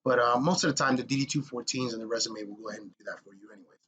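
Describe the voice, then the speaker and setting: A young man giving blunt, energetic step-by-step advice as he walks viewers through an online job application. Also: medium pitch, very fast, slight background noise. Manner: blunt, energetic, coach-like, addresses viewers as guys. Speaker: military contracting advice vlogger. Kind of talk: casual screen-walkthrough tutorial.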